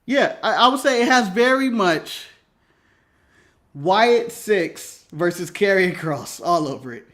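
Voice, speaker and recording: A man's voice: sits high, lively intonation, takes it slowly, fairly bright tone. An American man co-hosting a casual wrestling recap, laughing often and talking with lots of energy as he goes through his notes. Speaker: podcast co-host.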